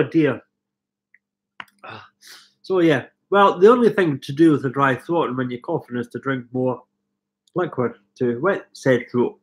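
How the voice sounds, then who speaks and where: A middle-aged Scottish man, sick with a cold, chats self-deprecatingly on a rambling live stream from his living room, coughing and reading viewer comments aloud. His voice is mid-range and a bit bright.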